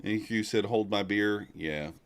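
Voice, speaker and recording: Low-voiced man musing over live charts. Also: unhurried, smooth. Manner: casual, thinking aloud, chatting with viewers. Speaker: livestreaming futures trader. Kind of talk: live market commentary.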